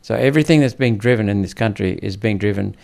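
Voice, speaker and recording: A man's voice: fairly low pitch, fast talker, gravelly, darkish tone. A man born in India, a senator speaking as a podcast guest, blunt and emphatic in casual interview talk.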